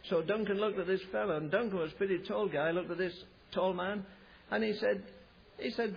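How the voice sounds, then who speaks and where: A man preaching a sermon, telling a revival story and acting out the voices of the people in it, building to loud, emphatic climaxes. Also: sits high, brisk, gravelly, husky. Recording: dull lo-fi recording.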